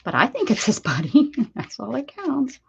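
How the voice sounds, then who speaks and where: A woman's voice: high voice, huge pitch swings, moderate pace, creaky, darkish tone, husky, lo-fi sound. A woman hosting a casual crafting livestream from home, chatty and laughing, who coos baby talk to her dog between crafting tips. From Pennsylvania, USA. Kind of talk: casual live-stream chat while crafting.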